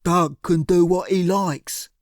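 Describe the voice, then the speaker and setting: A man voicing a huge, blunt thug who barks his words slowly and heavily, in an audiobook. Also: high-pitched, fairly even intonation, darkish tone, no room sound, studio quality. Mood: gruff. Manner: slow, heavy, barking delivery. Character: huge, slow-witted thug, gruff and blunt. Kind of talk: audiobook character voice.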